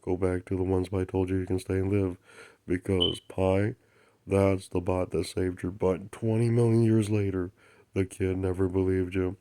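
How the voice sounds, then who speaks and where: Low-pitched, smooth, and flat, a man speaks at a moderate pace as host of his own channel. His spiritual story rambles in broken grammar, affirmations repeat like a chant, and now and then he falls into soft, unvoiced murmurs.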